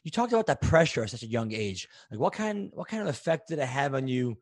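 A man hosts a podcast interview and muses thoughtfully before each question. His voice sits at a middle pitch. The recording is dry and close, with no room sound. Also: sing-song, fast talker, no echo. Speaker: podcast host. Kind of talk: interview conversation.

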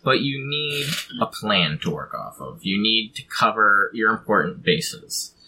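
Guy rambling about tabletop worldbuilding, kinda low voice but really bright tone, faint noise behind. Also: big pitch swings, unhurried, poor audio. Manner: rambling, explanatory, with frequent ums and laughs. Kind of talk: casual chat about tabletop game design.

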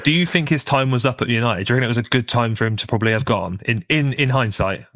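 A man's voice: medium pitch, quick pace, a bit bright, no echo, clean studio sound. A young man, a podcast co-host chatting about football in a laid-back, blunt way. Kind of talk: casual football chat.

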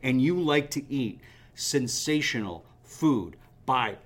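A man's voice: medium pitch, expressive. A man co-hosting a casual podcast chat on location at a restaurant, talking with enthusiasm. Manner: enthusiastic, deliberate, a self-described spiller. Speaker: podcast co-host.

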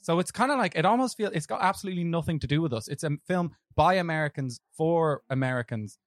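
A man's voice: a little high, quick pace, no room sound. Irish guy ranting about films, dry sound. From Ireland. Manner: rambling, animated, lots of fillers and restarts. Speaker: podcast co-host. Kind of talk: casual film-review chat.

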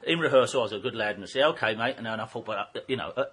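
A man from England, a broadcaster telling animated anecdotes in casual chat, with many fillers and restarts. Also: medium pitch, very fast, husky.

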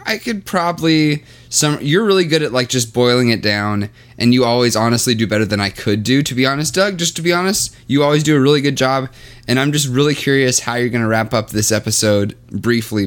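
A man's voice: mid-range voice, fairly quick. A young man co-hosting a podcast in casual chat, teasing and playfully incredulous. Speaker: podcast co-host.

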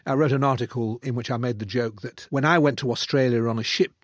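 An older man, a guest, telling a self-mocking anecdote with theatrical swings between loud and hushed delivery. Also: mid-range voice, steady tone, fast, no echo, studio quality. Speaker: guest author. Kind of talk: storytelling anecdote in conversation.

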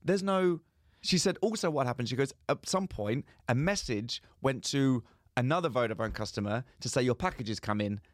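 A man's voice: medium pitch, lively intonation, moderate pace, no echo, studio quality. A young man co-hosting a podcast, telling a comic story and acting out both sides of phone calls. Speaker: podcast co-host. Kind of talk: casual storytelling chat.

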